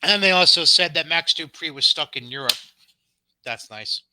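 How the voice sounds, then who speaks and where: A man's voice: on the high side, animated, moderate pace, pushed and bright, slight background noise, low-quality recording. A man co-hosting a podcast, casually recapping wrestling shows with sarcastic, dismissive asides and frequent ums. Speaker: podcast co-host.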